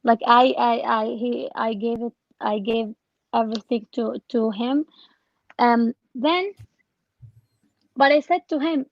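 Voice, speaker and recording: Woman, higher voice, hesitant, restarts, dull dry recording. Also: steady tone, measured pace, no room sound. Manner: hesitant, many restarts and fillers. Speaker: scam victim interviewee. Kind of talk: recounting her experience in an interview.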